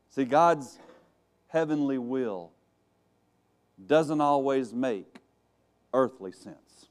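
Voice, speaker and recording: A man preaches a sermon in a church, pushing some phrases out loudly and sinking others to a near whisper. He often stumbles and restarts his words as he goes. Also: mid-range voice, lively intonation, drawn-out words, pauses often. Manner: dramatic shifts to hushed, soft delivery for quiet passages. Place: church sanctuary.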